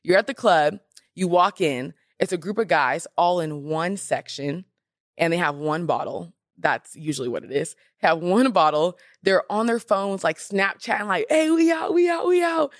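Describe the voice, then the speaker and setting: A young woman hosting a podcast in casual chat, animated and emphatic with sassy asides. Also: lowish voice, normal speed, no room sound, clean studio sound. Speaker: podcast host.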